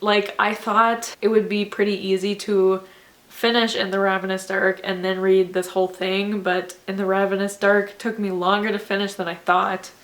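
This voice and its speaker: A woman's voice: mid-range voice, flat delivery, moderate pace, a bit bright. A sleepy, exhausted young woman chatting casually in a book vlog, rambling with lots of "like" and frequent laughs. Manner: rambling, filler-heavy, laughs often. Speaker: book vlogger.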